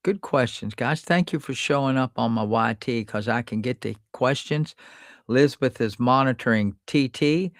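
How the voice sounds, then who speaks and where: Male live-stream host, mid-pitched, hammers points home by repeating words. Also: normal speed, dry recording, clean studio sound. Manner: blunt, emphatic, repeats words for stress. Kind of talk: live-stream legal Q&A chat.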